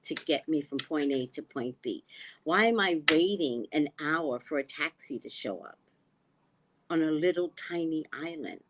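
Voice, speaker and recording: A woman running a spiritual vlog, talking slowly and reflectively and often dropping to a hushed tone. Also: low voice, animated, a little hiss or hum. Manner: slow, musing, often drops to a hushed tone. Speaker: spiritual reader and vlogger. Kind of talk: reflective personal talk. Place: living in the Caribbean.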